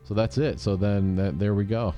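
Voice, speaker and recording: Low, mellow-voiced man rambling through a recap. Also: fairly even intonation, moderate pace, muffled recording, soft background music. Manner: rambling, jokey, restarts often. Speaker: show host recapping episodes. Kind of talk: casual recap with mock quoted voices.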